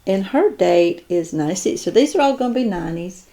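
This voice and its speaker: A woman's voice: mid-range voice, animated, fairly quick, mellow. A woman chatting casually as she shows off her doll collection, admiring each piece and thinking aloud. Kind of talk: casual unboxing chat.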